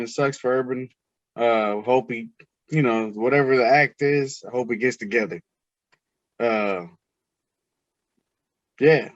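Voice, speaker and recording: A man hosting a casual sports podcast, talking in an animated, teasing way. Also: medium pitch, dry recording, highs cut off. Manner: animated, teasing, mimics others' voices. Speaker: podcast host.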